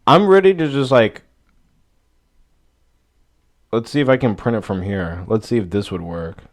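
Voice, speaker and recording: A man's voice: lowish voice, fairly quick. A young man hosting a solo podcast, ranting casually with heavy swearing and rambling, exasperated asides, talking into a desk microphone. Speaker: podcast host.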